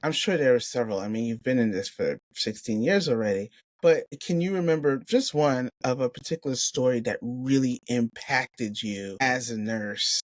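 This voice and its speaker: A woman's voice: extremely low pitch, normal speed, no echo, clean studio sound. A woman from New York, a physician hosting a podcast, chatting in an affirming, reflective way with her guest. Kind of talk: casual interview chat.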